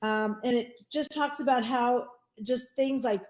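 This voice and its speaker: Eager chatty teacher in an echoey room. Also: female voice, fairly high pitch, steady tone, unhurried. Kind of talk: casual sharing in a class discussion. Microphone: video call.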